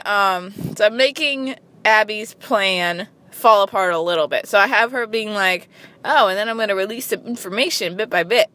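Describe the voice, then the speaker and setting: A woman chatting casually to camera, talking in quick bursts and restarting her sentences. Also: fairly high pitch, sharp tone. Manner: chatty, peppered with "like", frequent restarts. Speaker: vlogger. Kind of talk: casual chat.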